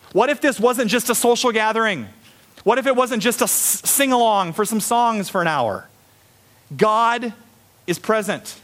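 A middle-aged male pastor preaching a sermon, animated, acting out little voices of the people in his stories. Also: high voice. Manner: animated, acts out voices of kids and students.

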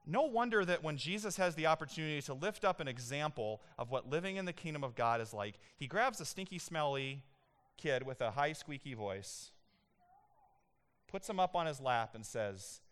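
A man in his thirties preaching a sermon as a pastor, animated and emphatic, telling personal stories. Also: fairly high pitch, moderate pace, clean tone.

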